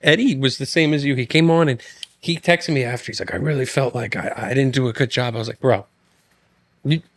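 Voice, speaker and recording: A man's voice: mid-range voice, a little fast, dry recording. A man hosting a podcast in a studio, chatting casually and laughing often. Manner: laughs often, jokes about friends. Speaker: podcast host. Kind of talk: casual chat. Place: studio with mics and headsets.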